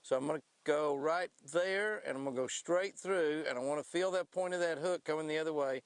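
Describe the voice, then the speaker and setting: Folksy older man, gravelly voice. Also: a little high, a little fast, no room sound. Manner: folksy, excitable, laughs and whoops when fish bite. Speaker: fishing show host. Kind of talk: casual outdoor fishing demonstration. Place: outdoors on a boat on a lake.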